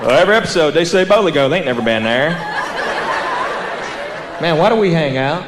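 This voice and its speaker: Southern guy doing standup, drawly storyteller, kinda high voice, echoey room, crowd laughing in the back. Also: animated, brisk. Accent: Southern American. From United States. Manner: drawling storyteller, laughs at his own punchlines. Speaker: stand-up comedian. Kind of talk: stand-up comedy routine. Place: theater stage before a live audience. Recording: roomy theater with audience laughter and background noise.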